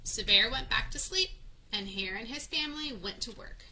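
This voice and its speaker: Bright-voiced woman reading a picture book. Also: fairly high pitch, lively intonation, moderate pace, a little hiss or hum, rough recording. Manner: adds friendly teaching asides. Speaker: children's story reader.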